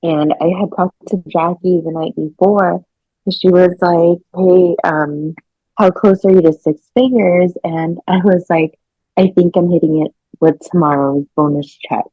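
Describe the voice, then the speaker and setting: A woman guest telling a personal story in a casual, excitable way, laughing and swearing freely. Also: lowish voice, unhurried, dry recording, phone-quality sound.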